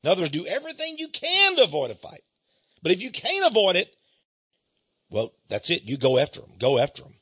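A husky-voiced man preaches by telling stories, his pitch leaping animatedly as he chuckles along. His tone is bright and forceful. The recording sounds slightly dull and lo-fi. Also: wildly swooping pitch, brisk. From Texas, USA. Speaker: Christian speaker. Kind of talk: storytelling sermon.

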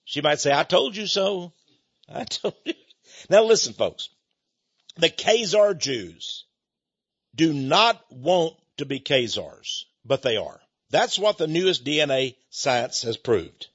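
An older man hosts a radio ministry show in a chatty, folksy monologue, stumbling over restarts and chuckling to himself. His voice sits slightly high and swings widely in pitch, with a husky edge. The audio is dull and lo-fi. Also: big pitch swings, slow, a bit bright.

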